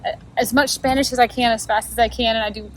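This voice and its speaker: A fairly high-voiced woman talking on a travel vlog, chatty and emotional and laughing easily. Steady background noise runs under her voice, which is recorded outdoors. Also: fast, low-quality recording. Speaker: travel vlogger. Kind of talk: casual vlog chat.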